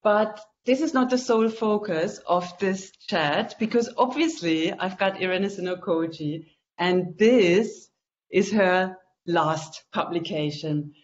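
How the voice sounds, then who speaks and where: An author hosting a relaxed online book event, talking loosely with lots of fillers. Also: mid-range voice, slow pace, a little hiss or hum. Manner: chatty, loose, with frequent fillers. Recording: dull lo-fi call audio.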